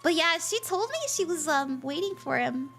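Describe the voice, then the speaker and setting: A woman streamer with a high, sharp, bright voice, chatting casually with her viewers and laughing a lot between jokes. Faint music plays softly behind her. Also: animated, normal speed, gravelly. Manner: chatty, jokey, laughs often. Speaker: tarot-reading streamer. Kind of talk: casual livestream chat, reading chat.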